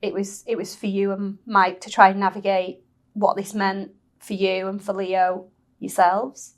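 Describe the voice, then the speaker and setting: A woman's voice: medium pitch, little pitch movement, measured pace. A woman hosting a podcast interview, recapping her guest's story and asking tag questions. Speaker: podcast host. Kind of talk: interview conversation.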